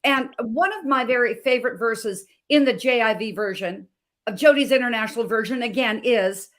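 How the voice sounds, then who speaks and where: On a talk show, a middle-aged Montana health coach tells her own story with feeling and emphasis. Her somewhat high, slightly bright voice keeps a normal speed.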